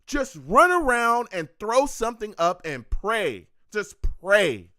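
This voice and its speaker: Brief: male reaction-stream host, slow, exasperated, swings up and down in pitch, dry close mic. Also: big pitch swings, sharp tone, dry recording. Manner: exasperated, groaning, reads chat comments aloud. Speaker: live game reaction host. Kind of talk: live sports reaction stream.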